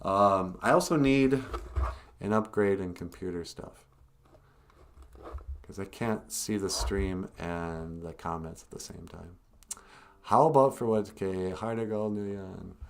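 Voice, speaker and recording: A man's voice: sits low, a little slow, long pauses, a little hiss or hum. A man who cartoons and plays music, chatting casually on a live stream, rambling and laughing often.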